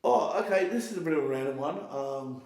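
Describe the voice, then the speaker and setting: A man's voice: on the high side, expressive, a little mellow. Swearing, rambling man, echoey. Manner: rambling, swears freely, halting restarts. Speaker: interviewee. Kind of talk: casual street interview.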